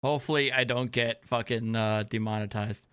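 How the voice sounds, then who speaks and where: A man's voice: mid-range voice, fairly even intonation, moderate pace, a bit bright, clean tone. A male streamer chatting casually, with frequent swearing between his reactions. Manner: profane, laughing asides.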